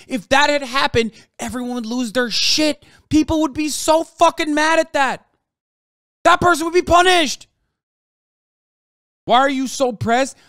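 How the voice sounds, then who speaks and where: A man's voice: very high-pitched, a bit bright, clean tone, no room sound, clean studio sound. A man streaming live, reacting to news clips with heated, profane rants.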